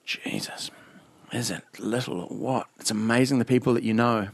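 A man's voice: mid-range voice, fairly even intonation, fairly quick, creaky, dry recording. A man co-hosting a podcast, chatting casually and rambling through stories with frequent laughs. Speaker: podcast co-host. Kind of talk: casual chat.

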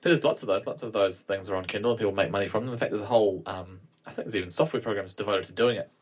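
Male co-host, low-pitched and fast, dry deadpan banter. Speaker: podcast co-host. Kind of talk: casual chat.

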